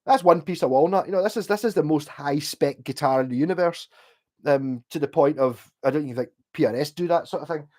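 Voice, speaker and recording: A man's voice: on the high side, brisk, a little mellow. A Scottish man hosting a livestream, chatting casually in a rambling way with restarts and the odd swear. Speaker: livestream host.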